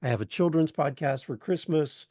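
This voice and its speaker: A man from Canada, a podcast guest telling a lively story and acting out the voices in it. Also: fairly high pitch, normal speed, no room sound, clean studio sound. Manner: animated, acts out voices in anecdotes. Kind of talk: enthusiastic storytelling in interview.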